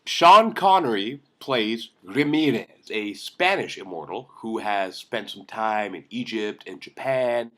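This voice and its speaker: A young man hosting a comedic film commentary vlog, sarcastic and excitable, ranting with jokes. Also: lowish voice, a little slow, hardly any pauses, slight background noise. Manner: sarcastic, excitable, jokey rants. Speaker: vlog host.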